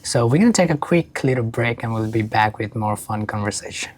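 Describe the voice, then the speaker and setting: A man's voice: fairly low pitch, expressive, a little fast, a little hiss or hum. A man hosting a casual podcast interview, upbeat and friendly, with slightly non-native phrasing. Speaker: podcast host.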